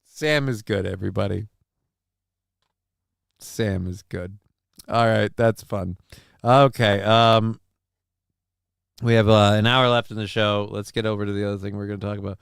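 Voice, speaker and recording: Male stream host, loose and profane, very smooth tone, dry recording. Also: fairly low pitch, level tone, normal speed, dry recording. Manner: joking, loose and profane, with lots of ums and uhs. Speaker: livestream show host. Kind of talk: casual livestream chat, reading the chat aloud.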